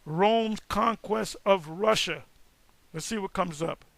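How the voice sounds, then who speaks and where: Gravelly high-voiced man lecturing emphatically. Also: dry recording. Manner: emphatic, halting, with many restarts. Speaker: online teacher. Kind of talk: casual lecture reacting to search results.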